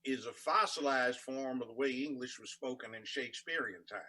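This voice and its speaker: A man's voice: mid-range voice, moderate pace, sharp tone, poor audio. An older man from California with a Southern drawl, telling folksy, salty stories as an interview guest. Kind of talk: casual storytelling interview.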